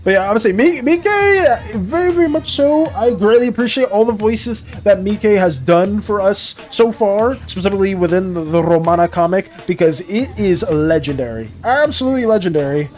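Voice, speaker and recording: A streamer running a tabletop game and chatting casually on a live stream, rambling and quick to laugh. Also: medium pitch, animated, a little mellow, soft background music.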